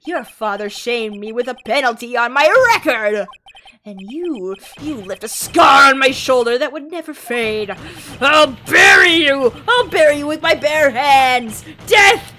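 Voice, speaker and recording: A woman's voice: on the high side, lively intonation, moderate pace, pushed and bright, a little hiss or hum. A woman voicing an arrogant older male prosecutor who bellows with theatrical rage. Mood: raging.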